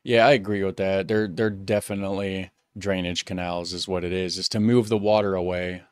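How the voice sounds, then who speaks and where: Dry, low-voiced American man reacting. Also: level tone, a little fast, smooth, no echo. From United States. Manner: chatty, repeats words when thinking aloud. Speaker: reaction channel host. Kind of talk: casual reaction commentary.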